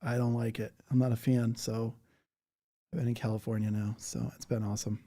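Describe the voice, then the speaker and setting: A man's voice: mid-range voice, expressive, normal speed, warm tone. A man hosting a casual livestream, chatting loosely and reading out viewer comments. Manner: rambling, chatty, reads chat comments aloud. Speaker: livestream host.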